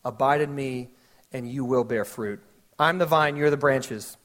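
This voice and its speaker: A man in his thirties, a pastor preaching a sermon in a conversational, animated way with quick asides. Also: mid-range voice.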